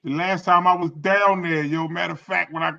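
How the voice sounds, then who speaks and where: Podcast co-host, man, bright tense voice, jokey and profane, lo-fi sound. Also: high-pitched, fairly even intonation, brisk, gravelly. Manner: joking, profane storytelling. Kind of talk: casual chat. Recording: dull lo-fi sound.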